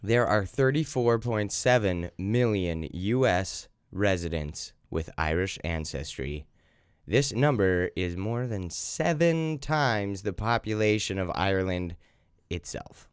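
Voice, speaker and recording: A man's voice: fairly low pitch, expressive, slow, clean tone, no room sound, clean studio sound. A man co-hosting a casual comedy chat from a blanket fort, laid-back and self-mocking. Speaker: podcast co-host.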